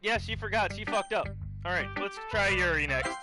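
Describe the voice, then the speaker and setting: A young man streaming a game live, reacting with loud, profane outbursts and laughter. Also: sits high, normal speed, music in the background, poor audio.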